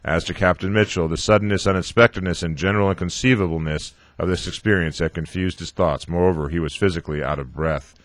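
Give me a deep-voiced man reading a novel aloud haltingly, with a dry close sound. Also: steady tone, dry recording. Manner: halting, with frequent stumbles and self-corrections. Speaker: reader.

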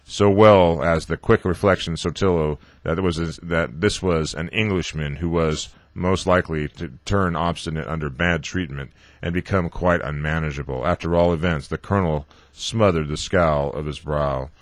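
A man reading a novel aloud, haltingly, often stumbling over words and correcting himself. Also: low voice, steady tone, no room sound. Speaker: reader.

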